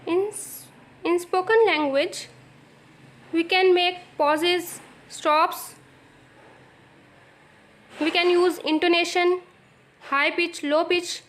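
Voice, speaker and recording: A woman with a Pakistani English accent, teaching a recorded English lesson, explaining slowly and repeating phrases for emphasis. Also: very high-pitched, steady tone, a bit bright.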